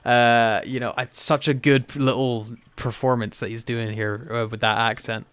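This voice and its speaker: A man's voice: medium pitch, fairly even intonation, moderate pace, a bit bright, smooth, no echo. A man co-hosting a casual podcast discussion, enthusiastic and emotional, laughing often. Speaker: podcast co-host.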